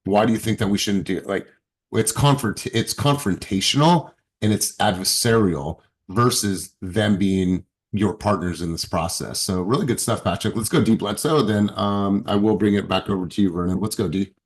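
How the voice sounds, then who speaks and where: A man's voice: fairly low pitch, moderate pace, slightly rough. A man coaching a sales team on a video call, blunt and profane, acting out client dialogue. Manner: blunt, profane, animated, acts out quotes.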